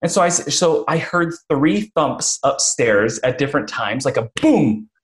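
A man hosting a casual interview who tells stories with energy. He slips into other people's voices as he retells what they said, with quick restarts and plenty of "you know.". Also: medium pitch. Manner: animated storyteller, acts out quotes. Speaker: podcast host.

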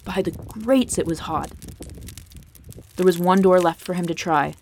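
A woman reading a fantasy story aloud as the narrator, in a steady, measured way. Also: on the low side, a little hiss or hum.

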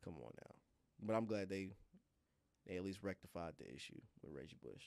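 A man co-hosting a sports podcast, playful and animated, repeating lines for emphasis. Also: sits low, brisk, creaky, no echo. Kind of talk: casual sports chat.

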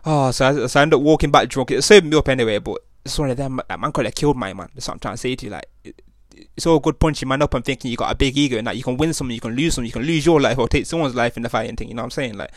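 Fast-talking man, rambling story. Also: medium pitch, no echo, clean studio sound. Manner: rambling, slangy, with many restarts and tag questions. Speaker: podcast host. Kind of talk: casual storytelling monologue.

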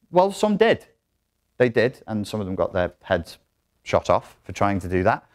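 A man giving a live talk in a lecture room, animated, acting out quotes in other voices. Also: mid-range voice, normal speed. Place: lecture room in an academic institution.

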